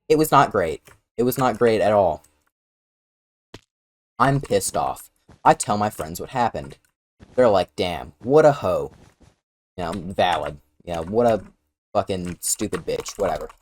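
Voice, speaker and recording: A man's voice: deep voice, a little hiss or hum. A man casually recounting a personal story in a blunt, profane, sarcastic way.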